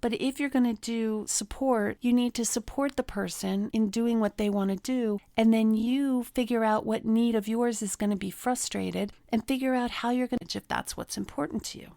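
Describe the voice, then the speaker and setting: Middle-aged woman with gravelly fry. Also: a little high, fairly even intonation, normal speed, few pauses, mellow, dry recording, studio quality. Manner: storytelling, acts out quoted people in a raised voice. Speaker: relationship coach, podcast host. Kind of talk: self-help talk with personal stories.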